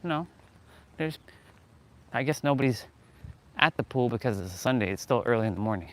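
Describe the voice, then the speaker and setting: A man chats on a livestream as he strolls outside, speaking from a handheld phone. His voice sits at an ordinary middle pitch, and he rambles from thought to thought, reacting to his viewers as he goes. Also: expressive, a little fast. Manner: rambling, musing aloud, answering chat. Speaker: fitness livestream host. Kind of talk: casual live-stream chat while walking. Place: outdoors, walking past courts and a pool.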